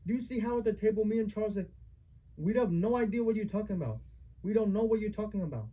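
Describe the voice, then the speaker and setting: A man's voice: sits high, lively intonation, fast talker, dull audio. A young man in a heated family argument, confronting his mother with accusing, repetitive rhetorical questions.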